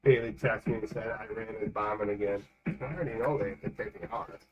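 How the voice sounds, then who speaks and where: A man's voice: on the low side, muffled recording. Chatty man streaming games from home. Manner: chatty and rambling, quick jokes. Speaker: livestreamer. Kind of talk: casual gaming livestream chat.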